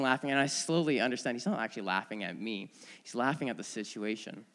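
Male preacher, earnest conversational sermon, mid-pitched, long reverb tail from the sanctuary. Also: animated, brisk. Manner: earnest, with frequent restarts and storytelling. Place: church sanctuary.

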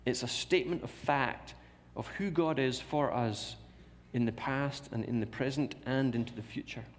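A man's voice: medium pitch, normal speed, slight background noise. A man preaching a sermon in a church, repeating key phrases and asking rhetorical questions. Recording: long reverb of a large hall.

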